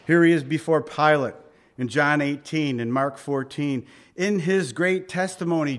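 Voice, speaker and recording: A man preaches in an animated way, his voice sitting a little high. He laughs often, acts out the quotes and keeps asking his listeners questions. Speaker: pastor. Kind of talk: sermon.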